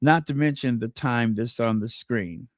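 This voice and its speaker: A man hosting a casual livestream, chatty and excitable, talking to himself as he goes. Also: mid-range voice, measured pace, dry recording, studio quality. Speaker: livestream host.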